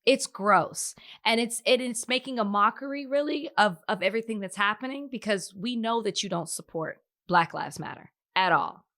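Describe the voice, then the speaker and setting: Bright-voiced female podcast co-host. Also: medium pitch, animated, normal speed, hardly any pauses. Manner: earnest, emphatic, opinionated. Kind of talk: casual podcast chat.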